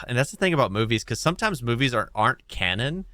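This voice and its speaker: A man's voice: medium pitch, sing-song, quick pace, sharp tone, no room sound. A man co-hosting a podcast in casual chat, laid-back, with many fillers and frequent mm-hmms. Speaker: podcast co-host.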